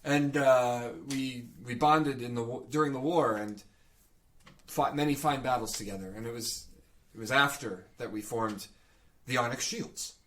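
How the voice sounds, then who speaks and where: A man voicing an ancient male Furbog warrior who speaks in a halting, earnest and solemn way. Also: mid-range voice, a bit bright, close to an everyday voice.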